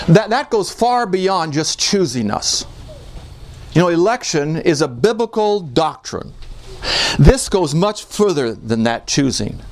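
A male pastor preaches with a high, bright-sounding register that leaps up and down expressively. He presses his points with emphatic repetitions, as in a verse-by-verse sermon. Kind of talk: expository sermon.

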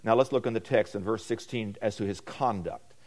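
A man preaching a sermon, swinging between loud emphatic declarations and quieter asides, often repeating key phrases. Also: on the low side, brisk. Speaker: pastor.

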